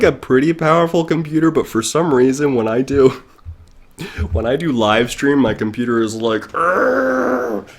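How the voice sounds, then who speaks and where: A man's voice: mid-range voice, creaky. A young man chatting casually on a live stream, rambling into tangents and laughing often, with the mic very close to his mouth. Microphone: desk mic very close to mouth.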